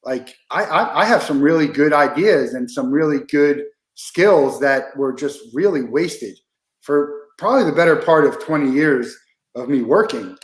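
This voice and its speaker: A man's voice: fairly high pitch, animated, unhurried. A man hosting an interview, talking casually with lots of fillers and restarts. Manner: conversational, many fillers and restarts. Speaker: podcast host. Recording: echoey room.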